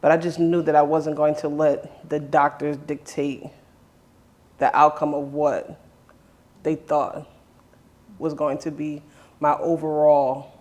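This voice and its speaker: Speaking slowly with frequent pauses, a host with a somewhat high, darkish, level voice shares a personal story earnestly. He keeps restarting his sentences and repeats dialogue others said to him.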